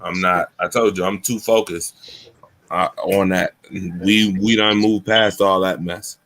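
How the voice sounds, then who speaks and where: A man hosting a loose sports talk show, talking emphatically and circling back to the same points. His voice comes across bright and forceful. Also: low-pitched, steady tone, slow. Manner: emphatic, repeats himself. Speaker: show host.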